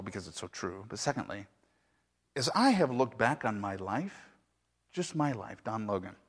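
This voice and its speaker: A middle-aged male pastor preaching and telling a parable, dropping soft and slow then rising loud and high for emphasis. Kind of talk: sermon with storytelling. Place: church sanctuary. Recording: long reverb of a large hall.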